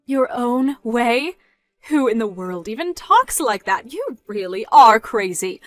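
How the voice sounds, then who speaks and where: A woman's voice: on the high side, big pitch swings, takes it slowly, no room sound, soft background music. A woman voicing a controlling, scornful middle-aged mother, nagging and incredulous in a scripted story dub.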